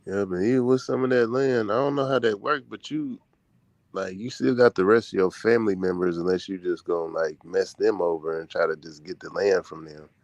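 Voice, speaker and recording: A man with a very deep voice, recorded close with a dry sound. He chats casually and sounds relaxed. He agrees and explains things in plain terms. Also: brisk, dry recording, dull audio. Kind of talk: casual chat.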